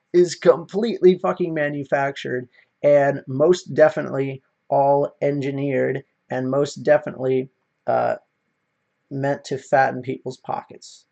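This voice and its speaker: A man's voice: mid-range voice, gravelly, a little mellow, dull audio. A man ranting in a casual monologue, swearing often and rambling with many fillers. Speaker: video commentator.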